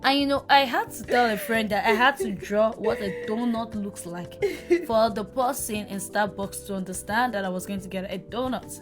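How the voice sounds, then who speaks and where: Animated woman, music behind. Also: fairly high pitch, moderate pace. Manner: animated anecdotes, acts out dialogue. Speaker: podcast co-host. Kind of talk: casual chat, storytelling.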